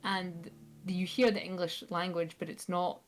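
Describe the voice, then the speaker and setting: Lower-pitched Scottish woman, chatty storyteller. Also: little pitch movement, unhurried, soft background music. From Scotland. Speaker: podcast guest. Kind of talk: casual chat. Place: live stream, home setup. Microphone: stream mic.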